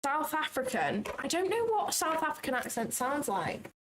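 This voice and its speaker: Woman, Manchester-area accent, livestream host, casual teasing chat, slightly high voice. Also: big pitch swings, slight background noise. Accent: Manchester area, Northern English. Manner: chatty, teasing, quick to laugh.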